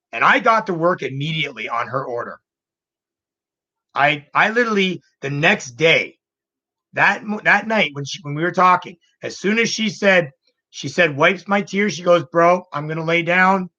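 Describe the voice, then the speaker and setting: A man's voice: on the high side, animated, normal speed, pauses often, pushed and bright. A man hosting a casual vlog, telling a personal story in an emotional, rambling way and repeating himself. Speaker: channel host. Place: home computer room. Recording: dull lo-fi home recording.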